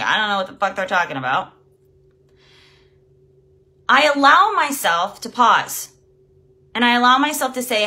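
Woman life coach, bright voice pitched a little high, blunt live-stream talk with plenty of swearing. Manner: blunt and emphatic, swears freely; greets viewers by name while talking.

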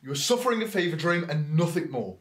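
An actor playing a sceptical, fussy brother in a comedy sketch, scornful and theatrically exasperated. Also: male voice, on the high side, sing-song, quick pace, a bit bright. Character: sceptical, fussy brother with old-fashioned words.

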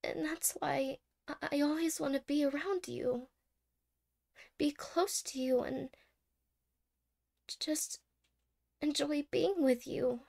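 A woman voicing a clingy, anxious young girlfriend in a whispered role-play, soft-spoken, stammering and apologetic. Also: high-pitched, measured pace, vocal fry. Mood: anxious, teary. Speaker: ASMR role-play creator.

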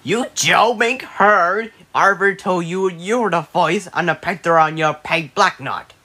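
A man voicing an excitable cartoon character who bickers with a witch in an animated, squabbling way. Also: sits high, measured pace, breathy edge, full character voice. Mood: bickering. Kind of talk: cartoon voice acting.

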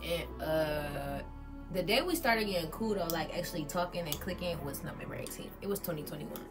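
A young woman vlogger telling a storytime with her girlfriend, loud and slangy, laughing often. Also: fairly low pitch, animated, fairly quick, over music. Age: young adult. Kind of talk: casual storytime chat.

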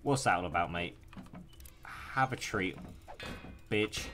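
A man's voice: low voice, slow pace, a bit bright. A young man giving casual, profane gameplay commentary and taunting the enemies he hunts. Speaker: gaming YouTuber. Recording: music playing behind the voice.

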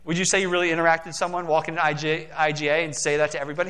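A man, the church's pastor, preaching a casual, animated sermon in a church and acting out quoted voices along the way. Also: fairly high pitch, very fast, smooth. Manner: animated, acts out quoted voices, conversational asides. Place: church sanctuary.

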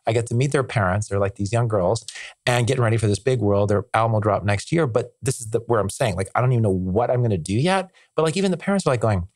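A man talks quickly on a podcast, tumbling from one eager thought to the next. His voice sits a little low and sounds dry and close to the mic, with no room behind it. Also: a little mellow, no room sound. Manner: rambling, enthusiastic, piles up filler words and restarts. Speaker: podcast guest. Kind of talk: casual conversational interview.

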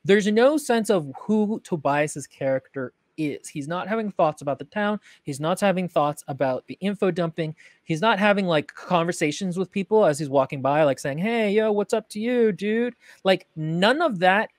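A woman's voice: fairly low pitch, expressive, normal speed, few pauses, dry recording. Female podcast critic, frank and wry, dry close mic. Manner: frank, wry and analytical, with many fillers. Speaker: podcast host and writing critic. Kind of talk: casual critique chat.

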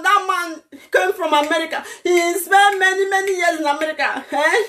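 Shrill, fiery Nigerian woman ranting. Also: normal speed. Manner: shouting, pleading, breaks into laughter. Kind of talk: impassioned political rant to viewers. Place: lives abroad in Europe.

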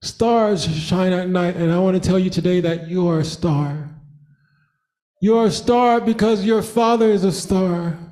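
A man's voice: sits high, unhurried, dark tone. A man preaching a sermon in church, fervent, repeating phrases and breaking into laughter. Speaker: pastor.

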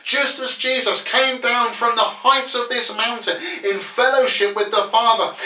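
A man's voice: high-pitched, pushed and bright. A man preaching a sermon as pastor, emphatic and full of rhetorical questions, in a church. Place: church sanctuary. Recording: echoey church from far off.

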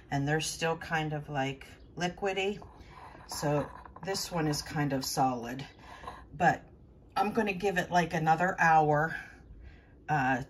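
A woman with a fairly low voice talks her viewers through a home craft at her kitchen counter. She explains each step in an easygoing, conversational way, pausing with fillers and correcting herself as she works. A faint noise hums under the recording. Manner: chatty, thinking aloud with fillers and restarts. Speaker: host of a home cooking and preparedness channel. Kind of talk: casual how-to demonstration.

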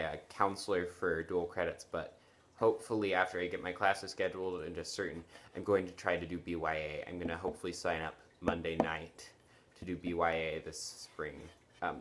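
A man's voice: deep voice, slight background noise. A young man in his late teens chatting casually to camera from his bedroom, tired and yawning, rambling apologetically with lots of fillers and restarts. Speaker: vlogger. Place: bedroom at home.

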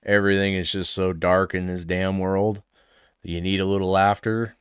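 A man's voice: low voice, little pitch movement, moderate pace, clean tone, no echo, studio quality. A man hosting a reaction video, chatting casually and enthusiastically, laughing often as he rambles.

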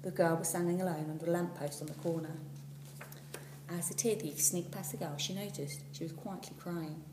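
A woman teacher reading a children's storybook aloud, expressive and at times dropping to a whisper. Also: lowish voice, brisk. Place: school classroom. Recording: echoey room, far from the mic, faint hum.

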